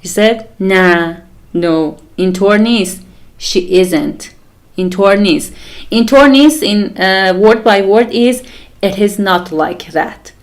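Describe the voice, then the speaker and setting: A young woman speaks English with a Persian accent, teaching a live online lesson. Her pitch sits mid-range for a woman. She explains patiently, stops to give examples, and moves easily between English and Persian. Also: animated, moderate pace.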